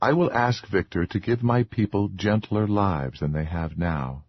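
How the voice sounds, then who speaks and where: A man's voice: deep voice, a little slow, no room sound, lo-fi sound. A man voicing a meek, earnest young wife. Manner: soft, pleading, formal.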